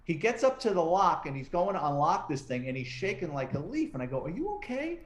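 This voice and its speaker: A man's voice: on the high side, a little fast. A middle-aged man, a retired detective, telling stories in a casual interview and acting out the voices of people he quotes. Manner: animated, acts out quoted voices. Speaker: retired police detective and author, interview guest. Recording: roomy echo.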